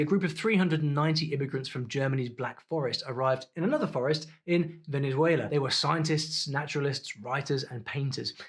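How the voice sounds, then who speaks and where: Man narrating a documentary. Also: fairly high pitch. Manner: lightly joking asides.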